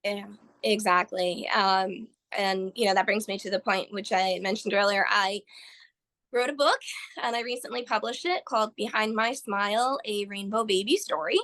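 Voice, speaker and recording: A woman guest on a podcast, speaking earnestly and telling her experience with animated storytelling. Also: mid-range voice, normal speed. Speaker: guest, author. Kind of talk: podcast interview.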